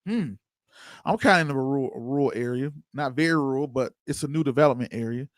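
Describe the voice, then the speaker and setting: A man's voice: mid-range voice, fairly quick, dry recording. A man hosting an investing livestream, chatting loosely and answering viewers' comments by name. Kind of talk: casual livestream commentary reading chat.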